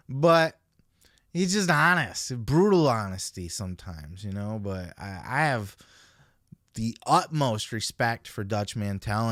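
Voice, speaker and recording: A man's voice: mid-range voice, fairly bright tone, no echo, clean studio sound. A man hosting a podcast, giving blunt, profane, opinionated commentary into a podcast microphone. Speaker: podcast host.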